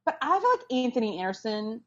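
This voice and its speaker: A woman co-hosting a casual pop-culture podcast, talking in a sarcastic, animated way. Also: a little high, brisk. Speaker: podcast co-host. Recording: dull lo-fi sound.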